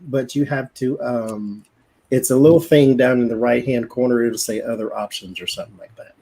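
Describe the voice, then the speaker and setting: A man's voice: mid-range voice, normal speed, dark tone, slightly rough, poor audio. A man with a Southern country accent chatting casually on a livestream, rambling, interrupting himself and laughing often. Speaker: co-host.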